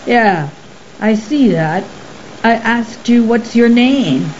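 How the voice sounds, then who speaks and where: A woman reading an audiobook, voicing a huge, lonely, rough-spoken male creature who talks bluntly and loudly. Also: fairly high pitch, animated, takes it slowly. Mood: gruff. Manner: blunt, exasperated, loud. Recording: slightly muffled with faint hiss.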